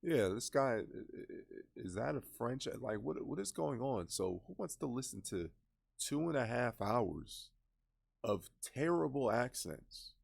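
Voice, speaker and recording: A man's voice: mid-range voice, sing-song, a little slow, creaky. A man giving casual reaction commentary on a movie trailer, scoffing and exasperated as he critiques it.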